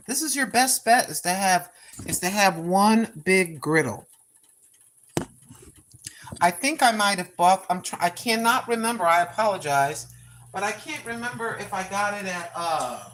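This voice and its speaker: This older Oregon woman chats her way through a cooking live stream from her own kitchen, wandering off topic and circling back to things in homespun fashion. She has a mid-range, slightly bright voice.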